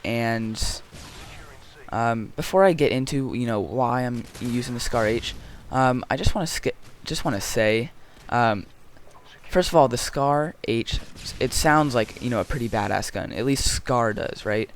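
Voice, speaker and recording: A man's voice: medium pitch, measured pace, a little hiss or hum. A man giving casual, rambling gameplay commentary, joking and going off on tangents with lots of filler words. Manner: rambling and jokey, many ums and tangents. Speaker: gaming commentator.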